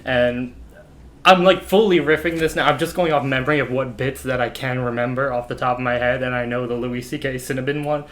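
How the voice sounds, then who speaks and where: A man's voice: medium pitch, fairly even intonation, brisk, a bit bright. A man in his late twenties giving wry, self-critical commentary on his old stand-up set. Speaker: comedian reacting to old footage. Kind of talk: casual commentary.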